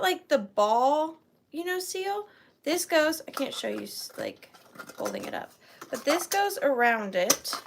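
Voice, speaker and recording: A woman's voice: sits high, background noise. A woman hosting a live online antiques sale from her home office, chatting with viewers by name and counting down bids. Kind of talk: live-stream auction chat.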